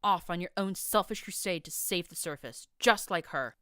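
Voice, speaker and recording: A proud, furious pegasus mare soldier spits out accusations at her younger sister, as a woman reads her in an audiobook. The voice sits low and smooth, harsh and contemptuous in tone. It is recorded close and dry. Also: moderate pace, sharp tone, dry recording. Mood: scornful. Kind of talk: audiobook character reading.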